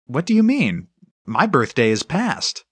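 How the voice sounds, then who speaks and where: An eager, restless boy inventor from a storybook, put on by a man reading it aloud, whining one moment and bursting with excitement the next. The voice sits high and leaps around, with a husky edge. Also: measured pace, no room sound, heavily acted. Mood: excited.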